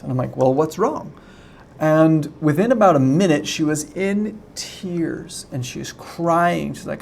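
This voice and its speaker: A man's voice: a little high, lively intonation, moderate pace, creaky, a little hiss or hum. A young man teaching an online English lesson in a chatty way, often checking in with "right?".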